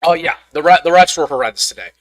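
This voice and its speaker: A man's voice: a little high, expressive, fast, a bit bright, dry recording. Fired-up young man ranting postgame. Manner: frustrated, ranting, stammering restarts. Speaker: sports commentator host. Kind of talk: live-stream postgame reaction.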